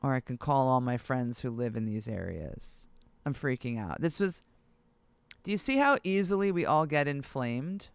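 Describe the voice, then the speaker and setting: A music producer vlogger talking casually to viewers, excitable and thinking aloud while browsing gear listings. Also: medium pitch, moderate pace, clean tone, no room sound. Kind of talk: casual vlog talk to camera.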